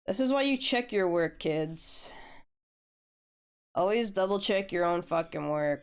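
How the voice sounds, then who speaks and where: A young woman talks through her drawing on a live stream, relaxed and laid-back, dropping swear words as she goes. Her voice sits a bit low and comes across smooth and clear, with a slight hoarseness left over from a flu. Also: a little slow, pauses often. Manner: laid-back, swears casually, chats with viewers. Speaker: art streamer. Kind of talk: casual chat while drawing on stream.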